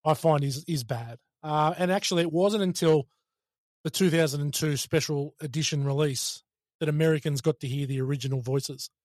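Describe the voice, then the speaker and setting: A man with an Australian accent hosting a casual film review podcast, talking in an animated way, laughing and swearing. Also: a little high, normal speed, dry recording, clean studio sound. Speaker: podcast host.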